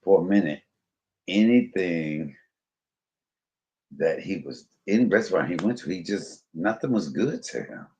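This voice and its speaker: A man's voice: sits low, animated, a little slow, pauses often, a little mellow, slight background noise. A man hosting a live stream, chatting casually and musing aloud while he looks up videos. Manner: musing, chatty, filler-heavy. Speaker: stream host.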